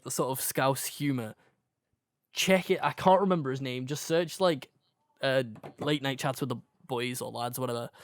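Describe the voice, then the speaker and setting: A man's voice: on the high side, no room sound, clean studio sound. A man, co-hosting a podcast in rambling, laid-back casual chat full of swearing. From England, near Liverpool. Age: 20s. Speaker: podcast co-host.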